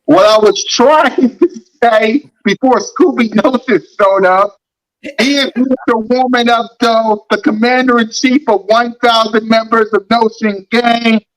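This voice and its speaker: A man's voice: very high-pitched, fairly even intonation, a little slow, a bit bright, poor audio. A man hosting a sports podcast, ranting heatedly and repeating his points. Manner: fired-up, repetitive ranting. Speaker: podcast host.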